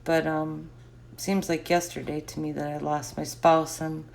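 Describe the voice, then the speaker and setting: A woman's voice: low voice, level tone, unhurried, vocal fry, a little mellow, a little hiss or hum. A middle-aged woman chatting casually and answering live comments, laughing often.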